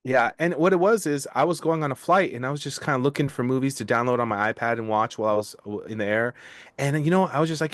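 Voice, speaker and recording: A man's voice: mid-range voice, quick pace, dry recording, clean studio sound. A man co-hosting a podcast, giving easygoing film opinions with hesitant restarts. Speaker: podcast co-host. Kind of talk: casual film review chat.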